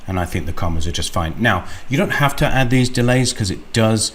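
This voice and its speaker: A man hosting a screen-recorded software walkthrough, unhurried and thinking aloud with frequent ums. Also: fairly low pitch, animated, slight background noise. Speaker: tutorial host.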